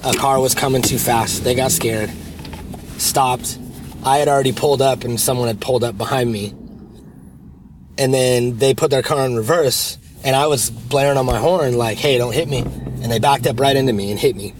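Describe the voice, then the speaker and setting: A man talks casually on a podcast recorded inside a moving car. He tells stories with energy and throws himself into the voices of the people in them. Road noise runs clearly underneath. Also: mid-range voice, normal speed. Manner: animated storyteller, acts out quoted people loudly. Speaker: podcast co-host. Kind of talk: casual chat.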